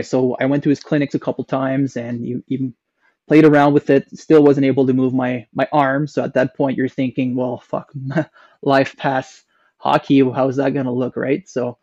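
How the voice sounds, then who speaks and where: With a mellow voice carrying a breathy edge, a young Canadian podcast guest tells a lengthy personal story in casual fashion. He rambles, using lots of fillers and restarting often. The recording is dry, dull, and low-fidelity.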